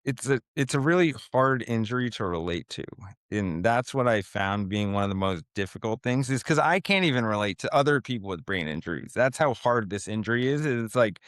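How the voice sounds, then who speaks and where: A man's voice: mid-range voice, animated, a little fast, a bit bright, no echo, studio quality. A man in his thirties, a podcast guest, talking casually with lots of fillers and laid-back slang, speaking from home. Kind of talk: casual interview talk. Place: home, with a baby heard nearby.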